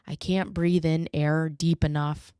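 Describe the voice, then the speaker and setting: Woman podcast host, personal storytelling, low-pitched and clean-voiced, dry close sound, earnest emotional delivery. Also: flat delivery, measured pace, warm tone, clear, resonant tone, no room sound.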